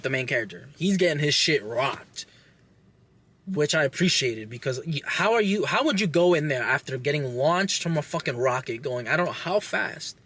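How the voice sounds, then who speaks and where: A young man casually recapping a movie plot with lots of swearing, animated and acting out lines. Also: fairly high pitch. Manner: animated, profane, acts out characters' lines. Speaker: podcast host reviewing a movie.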